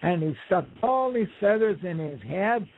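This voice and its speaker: A man's voice: high voice, expressive, a little slow, slight background noise. A man, a radio show guest, telling a folk tale in a loose, rambling way with asides. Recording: tinny phone line on radio.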